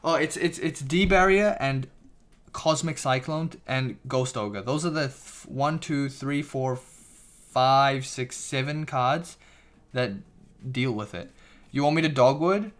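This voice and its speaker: A man talking through a live stream at a middle pitch, loose and unscripted. He trips over his words, restarts often and throws in casual swearing as he answers viewers. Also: slow pace. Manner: swears casually, restarts a lot, reads chat aloud.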